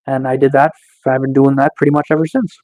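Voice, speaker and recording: On a casual live stream, a man mocks the trolls in his chat with sarcastic, fake-tough bragging. His medium-pitched voice is level, fast and somewhat dark.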